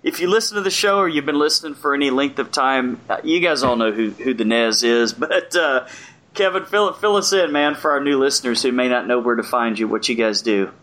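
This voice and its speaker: A man's voice: medium pitch, brisk. Podcast host guy, easygoing, mid voice, lots of uhs. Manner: relaxed, with fillers and restarts. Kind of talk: casual chat.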